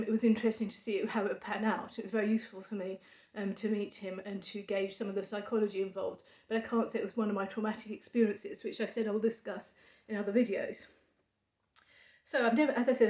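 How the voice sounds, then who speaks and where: A woman talking to camera in a halting monologue of dry sarcasm, full of fillers. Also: mid-range voice, darkish tone. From United Kingdom. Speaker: vlogger. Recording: echoey room.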